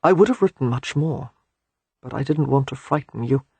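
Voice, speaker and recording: An audiobook reader voicing a tender, ardent young man who speaks in soft murmurs and whispers. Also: mid-range voice, lively intonation, moderate pace, creaky, husky, dry recording. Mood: tender, intimate. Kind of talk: audiobook character reading.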